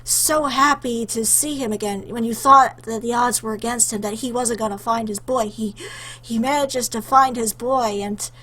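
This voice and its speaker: A woman's voice: a little high, steady tone, normal speed, sharp tone. Chatty young woman on webcam. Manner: rambling with many "uh" and "like" fillers. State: choked up with emotion. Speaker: YouTuber answering a questionnaire. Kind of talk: casual webcam chat.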